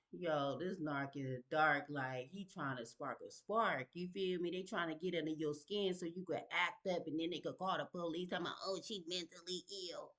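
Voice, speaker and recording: A woman with a lowish, slightly bright voice tells her own story in a vlog. This casual personal storytelling is emphatic and conversational, and she keeps asking "you feel me?"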